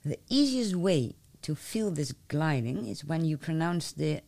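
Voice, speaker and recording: Low-voiced woman teaching pronunciation. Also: big pitch swings, measured pace, vocal fry, warm tone. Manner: patient, explanatory. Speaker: Dutch language teacher and host. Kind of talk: interview and pronunciation lesson.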